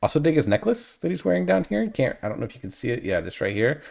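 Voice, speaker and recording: A man's voice: a little high, very animated, fast talker, vocal fry, a little mellow. A man hosting a reaction video, chatting casually and analytically and drifting off on tangents.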